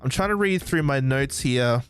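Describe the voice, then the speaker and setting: An Australian man hosting a podcast, chatting excitedly and rambling, often losing track of names. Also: mid-range voice, normal speed, faint music behind. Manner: excitable, rambling, forgets names mid-sentence. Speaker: podcast host. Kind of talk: casual chat. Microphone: desk microphone.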